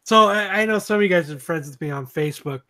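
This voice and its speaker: A man with a fairly high voice co-hosts a casual podcast. He swears freely as he rambles through a story. It is loose, unscripted talk. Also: quick pace, pushed and bright. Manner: swears freely while telling stories. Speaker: podcast co-host. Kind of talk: casual chat.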